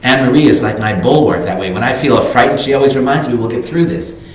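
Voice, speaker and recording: A man's voice: medium pitch, lively intonation, quick pace. An older man giving a reflective, earnest sermon as a minister, reading quotes aloud. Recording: very echoey sanctuary.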